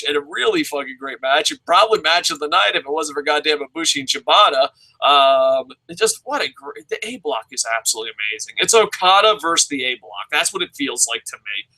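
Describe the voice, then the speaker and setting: A man reviewing wrestling shows in casual, profane commentary, excitable, with frequent swearing and stammering. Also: a little high, rough recording.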